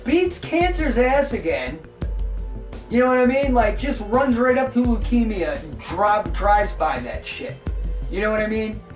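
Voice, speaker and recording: A man's voice: high voice, normal speed. A man in his forties, hosting a casual show and rambling profanely about wrestling. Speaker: host. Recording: roomy, distant mic, faint music.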